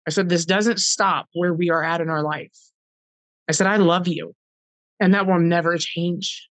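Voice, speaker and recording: A woman's voice: fairly low pitch, steady tone, a little slow, a bit bright, no echo, poor audio. Earnest middle-aged woman telling her story. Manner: retells scenes in quoted dialogue, heartfelt and earnest. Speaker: podcast guest. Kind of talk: personal storytelling.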